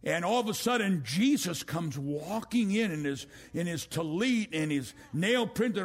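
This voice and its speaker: Husky-voiced older male preacher. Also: sits high, lively intonation, unhurried, few pauses. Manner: rising to loud exclamations, then dropping to a hush. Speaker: pastor. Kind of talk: sermon.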